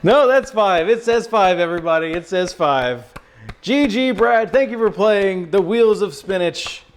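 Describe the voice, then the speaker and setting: A high-voiced man hosting a cooking livestream from his home kitchen. He talks in a loose, chatty way, speaking straight to his viewers. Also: expressive, unhurried, slight background noise. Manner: chatty, addresses chat directly. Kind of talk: casual livestream chat.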